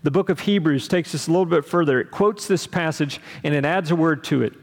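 A man's voice: a little high, a little fast, big-room sound. A man from Texas preaching a sermon as pastor, talking conversationally with asides and questions to the congregation.

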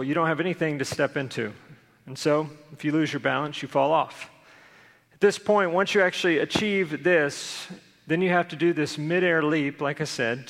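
A man's voice: a little high, fairly bright tone, big-room sound. A man preaching a sermon as pastor, telling a personal story and acting out the voices in his head.

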